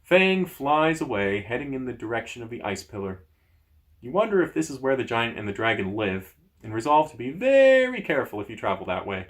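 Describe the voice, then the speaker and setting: Man, gamebook read-aloud, host, lively narration, casual asides, middle pitch. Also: fairly quick.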